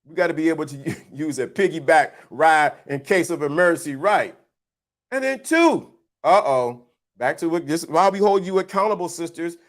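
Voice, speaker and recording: Livestream host, male, high voice, blunt and preachy, slangy with a teasing edge. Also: a bit bright. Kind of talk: casual opinion rant to a live chat.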